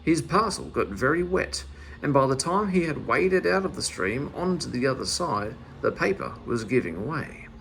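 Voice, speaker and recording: A man reading a children's story aloud in a lively, expressive manner. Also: mid-range voice, moderate pace, vocal fry, a little hiss or hum.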